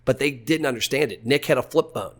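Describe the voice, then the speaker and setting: A man's voice: mid-range voice, a little fast. A man in his forties, a podcast guest, telling stories from his business life in a blunt, candid way, with casual swearing. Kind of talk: casual storytelling.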